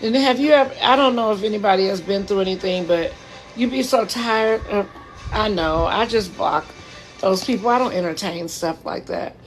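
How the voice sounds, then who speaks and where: A woman's voice: medium pitch, moderate pace, faint music behind, poor audio. A woman in her thirties, livestreaming from home into her phone in a casual, heartfelt chat, talking straight to her viewers.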